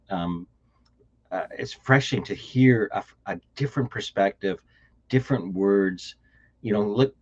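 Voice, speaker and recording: A Canadian man with a fairly low voice co-hosts a relaxed conversation. He rambles, doubles back and repeats himself as he talks. The sound is dull and lo-fi. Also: husky. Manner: rambling, repeats words and restarts. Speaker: podcast co-host. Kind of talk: casual chat.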